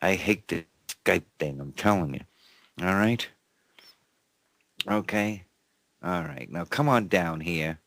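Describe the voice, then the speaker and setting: A man's voice: sits low, takes it slowly, long pauses, fairly bright tone, no echo. A man hosting his own show, exasperated, cursing and repeating himself as he rambles on air. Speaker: show host.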